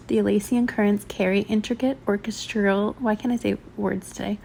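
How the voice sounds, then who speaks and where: A woman reading and commenting on a channeled spiritual transmission, speaking haltingly with many ums and likes and a slightly shaky voice. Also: medium pitch, steady tone, vocal fry, dark tone, slight background noise. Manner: halting, full of ums and likes, trips over words.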